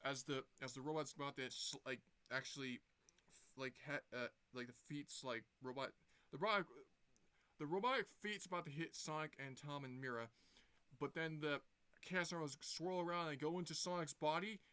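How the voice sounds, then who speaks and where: A man's voice: fairly high pitch, normal speed, bright, forceful tone, clear, resonant tone, no echo. A young man casually retelling a movie plot for his review, rambling with lots of restarts. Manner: rambling, many fillers and restarts.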